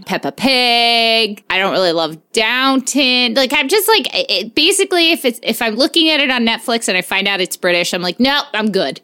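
A woman's voice: medium pitch, sharp tone, clean tone. A woman in her thirties co-hosting a podcast, chatting candidly and crudely, laughing often. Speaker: podcast co-host. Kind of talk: casual chat.

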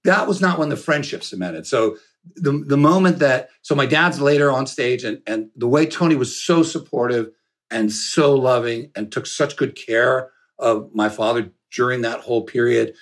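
A man's voice: mid-range voice, normal speed. A middle-aged man telling a family story in a casual podcast chat, acting out the people he quotes. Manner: animated storyteller, acts out quoted voices. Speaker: guest, son of an actor.

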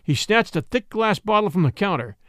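Guy reading an old story out loud, super expressive, dry close sound. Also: high-pitched, a little fast, no echo. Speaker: narrator.

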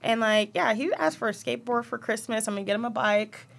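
A young woman co-hosting a podcast talks fast in a slightly high, gravelly voice. She speaks candidly and emotionally about her children in casual chat, rambling a bit along the way.

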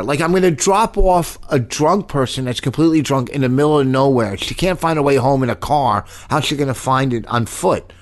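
A man's voice: medium pitch, moderate pace, hardly any pauses. Profane exasperated man telling a story. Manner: profane, exasperated, acts out drunk voices. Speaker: storyteller in a couple's chat. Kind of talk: casual comedic storytelling.

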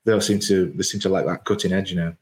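Low-voiced man in a roomy space. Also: fairly even intonation, quick pace, darkish tone. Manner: hesitant opinion-giving with fillers. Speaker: football podcast panelist. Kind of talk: casual podcast chat.

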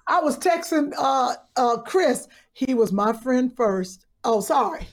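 This is a woman co-host with a very high voice, teasing her colleague in playful banter. She gets loud and shouty. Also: animated, takes it slowly.

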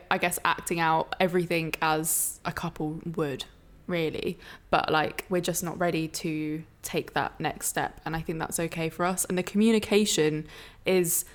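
Candid English woman podcast host. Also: fairly low pitch. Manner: candid, giggly, drops to a whisper when quoting. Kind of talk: casual chat.

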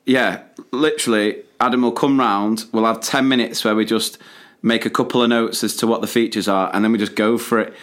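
A man from England co-hosting a podcast in casual chat, relaxed and quick to laugh, steering the talk with questions. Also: mid-range voice. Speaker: podcast co-host.

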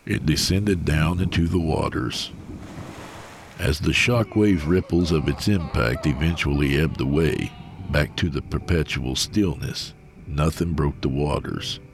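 A man reading a horror story aloud in a slow, measured, grim delivery. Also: very deep voice, slight background noise. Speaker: narrator.

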